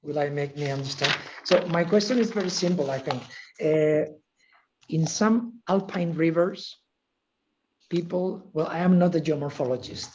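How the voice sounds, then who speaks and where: A man's voice: on the high side, normal speed, darkish tone, a little hiss or hum. Man from Spain, Spanish accent, asks a seminar question in careful, apologetic English over a dull remote line. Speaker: visiting professor asking a question.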